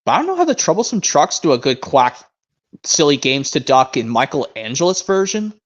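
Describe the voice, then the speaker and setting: A young man chats on a stream, circling back and restarting his thoughts as he goes. His pitch sits a little high and swings widely. The audio is muffled and lo-fi. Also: very animated. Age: young adult. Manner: rambling, restarts sentences, reads narration aloud slowly. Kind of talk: casual chat.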